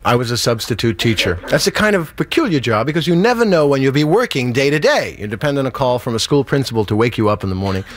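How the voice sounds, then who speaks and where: A man telling a stand-up comedy story, acting out both sides of a phone call with high squeaky voices. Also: quick pace, few pauses. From New York. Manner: animated, acts out characters with squeaky high voices.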